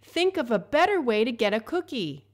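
A woman voicing a patient mother in a children's story read aloud, calmly and gently correcting her small boy. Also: fairly high pitch, normal speed. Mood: gently firm.

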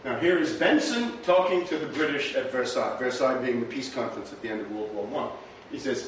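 A man's voice: medium pitch, lively intonation, brisk, few pauses. A man giving a history lecture in a rhetorical, conversational way, often checking in with "right?". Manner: rhetorical, frequent "right?" asides. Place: lecture room. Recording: very echoey room, distant mic, faint noise.

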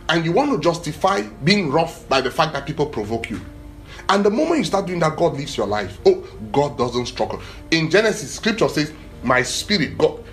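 A man delivering a sermon, his voice swinging widely up and down in pitch. He preaches emphatically, swelling on key phrases and repeating short lines for force. Faint music sits underneath him.

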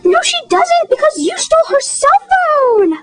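A woman voicing a pesky, bratty girl making prank phone calls, in a very high squeaky voice. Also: big pitch swings, measured pace, faint music behind, heavily acted. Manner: high squeaky girlish voice, cheeky and insistent.

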